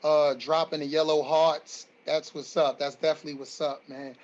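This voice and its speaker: A man's voice: fairly high pitch, flat delivery, normal speed, darkish tone, lo-fi sound. A man hosting an online community forum, talking emphatically and repeating his lines for stress. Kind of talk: livestream community address.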